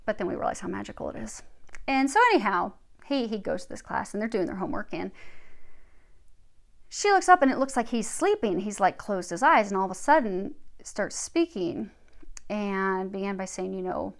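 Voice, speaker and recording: A woman, a spiritual healer, talking casually and animatedly before reading aloud from a book, with soft murmured asides. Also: fairly high pitch, lively intonation, fairly quick.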